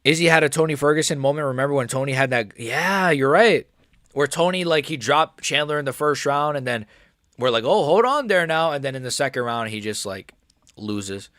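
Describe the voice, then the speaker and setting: A man hosting a casual live stream, chatting with viewers in a loose, rambling way. His sentences are full of fillers and restarts. His voice sits at an ordinary middle pitch and sounds dry and close, with no room echo. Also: brisk, a bit bright. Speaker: livestream host reading chat.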